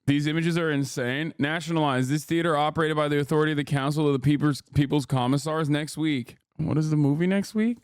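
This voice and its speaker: Male streamer, loose and profane, slightly high voice, dry sound. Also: steady tone, quick pace, hardly any pauses, clean tone, dry recording. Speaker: streamer host. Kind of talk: casual commentary.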